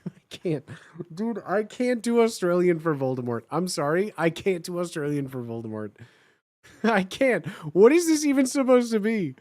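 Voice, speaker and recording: A woman's voice: on the low side, lively intonation, normal speed, a little mellow, dry recording, clean studio sound. A woman streamer reading fan fiction aloud live, breaking off into self-mocking, laughing, apologetic asides.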